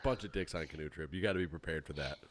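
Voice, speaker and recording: A man's voice: extremely low pitch, rapid-fire, crowd noise. A man hosting a podcast, chatting casually in a joking, irreverent manner. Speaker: podcast host. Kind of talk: casual chat.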